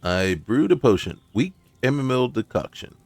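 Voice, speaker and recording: A man's voice: medium pitch, big pitch swings, moderate pace, no echo. A man hosting a gaming channel gives casual commentary on his gameplay, talking to himself and crying out in frustration when things go wrong. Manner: talks to himself, exclaims in frustration.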